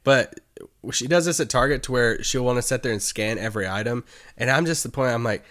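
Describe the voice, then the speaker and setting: A man's voice: on the low side, fairly quick, fairly bright tone. A man co-hosting a casual sports podcast, dry and sarcastic, telling anecdotes. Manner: joking, sarcastic. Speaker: podcast co-host.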